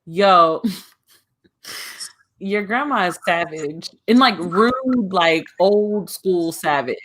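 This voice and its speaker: A woman's voice: lowish voice, animated, extremely slow, fairly bright tone. A woman co-hosting a podcast in casual chat, reacting expressively and laughing a lot. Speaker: podcast co-host.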